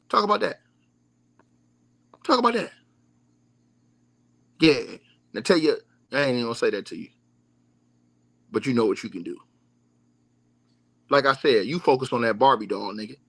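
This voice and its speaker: A man's voice: a little high, expressive, a little fast, long pauses, pushed and bright, no echo. A man hosting a livestream, giving a mocking, repetitive sports rant straight to his audience. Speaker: livestream host. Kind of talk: animated sports rant to viewers.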